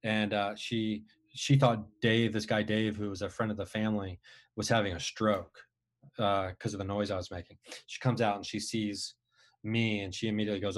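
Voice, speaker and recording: A man's voice: lowish voice, moderate pace. Man telling a rambling story. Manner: rambling, restarts often, animated retelling. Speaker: guest storyteller. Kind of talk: casual storytelling.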